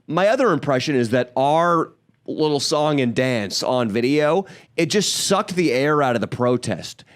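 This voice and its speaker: A man's voice: medium pitch, unhurried. A man co-hosting a podcast in crude, rambling casual banter. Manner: animated, rambling, crude jokes. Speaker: podcast co-host.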